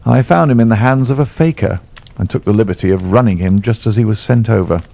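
A man voicing a calm, imperturbable male detective in an audiobook, measured and dry. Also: on the low side, gravelly, a little hiss or hum. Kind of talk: audiobook character voice.

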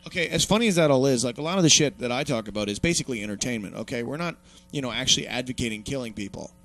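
A man's voice: mid-range voice, very fast. A young man hosting an online talk show, swearing and mocking as he rants about politics. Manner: swearing, mocking, animated ranting. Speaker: podcast host. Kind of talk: profane political rant.

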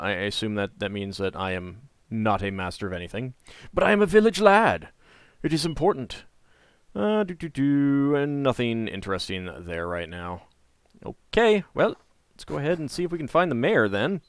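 A man hosting a game playthrough, joking casually and reading item text aloud with excited bursts. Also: fairly low pitch, clear, resonant tone, dry recording, studio quality. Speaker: let's play host.

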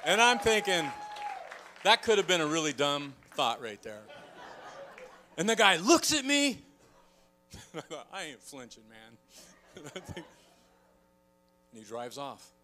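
A man preaching a sermon in a church, telling a story with lively energy and acting out the people in it. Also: a little high, slow pace, pauses often, crowd noise, background noise. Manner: animated storytelling, acting out shouts. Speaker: pastor.

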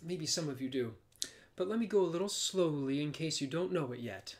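Cast a man as a playful preschool music teacher on a live stream, fairly high voice, giggly, sometimes whispering. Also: animated, brisk. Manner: playful, apologetic, laughs often, drops to soft whispers. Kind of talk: live-streamed kids' music and movement class.

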